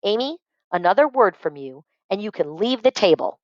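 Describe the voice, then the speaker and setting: A woman's voice: medium pitch, big pitch swings, normal speed, no room sound, voice pushed up, close to an everyday voice. A woman reading aloud voices a stern, fed-up mother giving firm orders. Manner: firm and commanding. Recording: dry, dull muffled recording.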